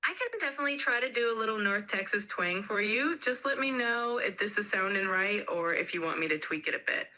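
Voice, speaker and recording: A woman's voice: mid-range voice, lively intonation, brisk, few pauses, pushed and bright, low-quality recording. A woman's voice used as an upbeat, polite AI voice assistant, answering questions cheerfully.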